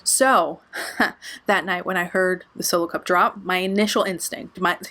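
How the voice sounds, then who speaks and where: Casting: young woman, lowish voice, chatty storytime vlogger, sweary and full of filler words. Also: fairly even intonation, a little slow, bright, forceful tone. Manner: casual, profane, heavy filler words. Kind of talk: storytime vlog.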